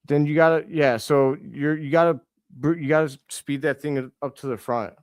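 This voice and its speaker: Excitable man calling a game live. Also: on the high side, no room sound. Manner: excitable, scolds players aloud, quick self-corrections. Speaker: live reaction stream host. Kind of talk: live play-by-play reaction.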